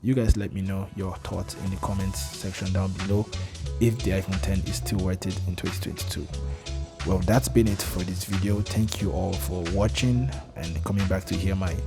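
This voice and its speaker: A man from Nigeria, a tech reviewer, giving a scripted voice-over review in a slightly monotone voice. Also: low-pitched, normal speed, vocal fry, over music.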